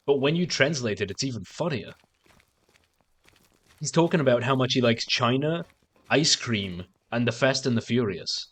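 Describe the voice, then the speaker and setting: A man's voice: medium pitch, expressive, moderate pace. A man streaming a game and chatting casually, rambling with stammered restarts and frequent swearing. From outside the United States. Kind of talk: casual chat while gaming on stream.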